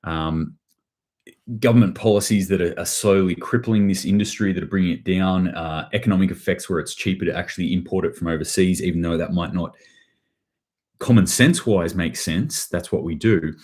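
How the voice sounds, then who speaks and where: A man's voice: low voice, moderate pace, darkish tone. A man hosting a rambling, sardonic live news commentary, often restarting his phrases as he reads chat. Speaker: host.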